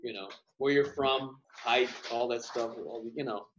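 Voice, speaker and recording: A male filmmaker reflects on his work in a relaxed interview, often trailing into "you know". His voice comes through a roomy, echoing space. The sound is dull and lo-fi, like a remote call. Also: mid-range voice, moderate pace, background noise. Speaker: filmmaker guest. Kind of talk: casual interview chat.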